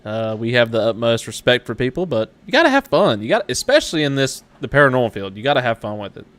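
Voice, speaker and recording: Laughing, jokey host. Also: male voice, mid-range voice, very animated, fast talker, a bit bright. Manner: jokey, laughs often, self-deprecating. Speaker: webshow host. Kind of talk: casual live-stream interview.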